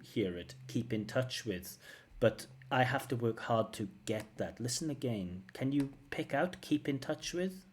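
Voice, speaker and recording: A man's voice: mid-range voice, lively intonation, moderate pace, hardly any pauses. A man working as a language test examiner, giving analytical feedback and repeating phrases to model pronunciation.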